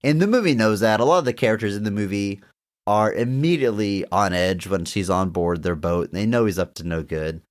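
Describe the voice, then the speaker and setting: A man's voice: on the low side, expressive, a little fast. A young adult man co-hosting a podcast, talking through a movie review in an enthusiastic, rambling way with frequent restarts. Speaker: podcast co-host. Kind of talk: casual movie review chat.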